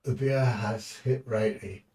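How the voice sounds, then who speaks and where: Slow rambling English man gaming. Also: lowish voice, steady tone, dark tone, recorded from a distance, slight background noise. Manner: rambling, chatty, casually swearing. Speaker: streamer. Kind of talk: casual gaming commentary.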